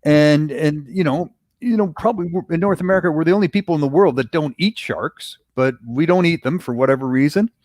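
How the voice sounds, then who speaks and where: A man's voice: fairly high pitch, a little fast, hardly any pauses, darkish tone. A man, a guest on a fishing show, talking earnestly in casual chat and repeating phrases as he thinks.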